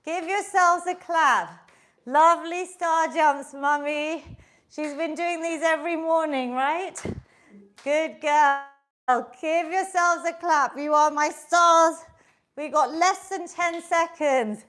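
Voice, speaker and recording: High-voiced, cheery fitness instructor. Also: female voice, slow pace, a bit bright. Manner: upbeat and encouraging, counting down reps. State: slightly out of breath. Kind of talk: live online workout class instruction.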